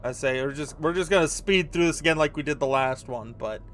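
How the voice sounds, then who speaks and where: Man reading game text aloud, slightly high. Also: fairly quick, a bit bright, faint music behind. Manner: reads on-screen text aloud in a casual, offhand way. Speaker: gaming video host.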